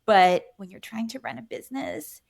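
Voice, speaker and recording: A woman's voice: fairly high pitch, huge pitch swings, normal speed, vocal fry, darkish tone. A middle-aged woman physician, a podcast guest, chatting casually and often saying "you know" and "right?". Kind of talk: casual interview chat.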